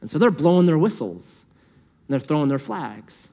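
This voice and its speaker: A man preaching a sermon in a conversational, lively way, asking the listeners rhetorical questions. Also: fairly high pitch, normal speed, creaky, slightly rough, long reverb tail. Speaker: pastor.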